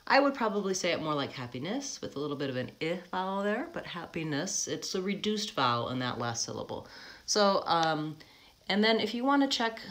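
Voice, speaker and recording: A woman coaching English pronunciation in a live lesson, explaining patiently step by step with frequent ums. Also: sits low.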